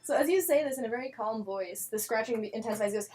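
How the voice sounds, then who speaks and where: A woman narrating a tabletop game as game master, self-mocking and quick to laugh. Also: on the high side, a little mellow, slight background noise, low-quality recording.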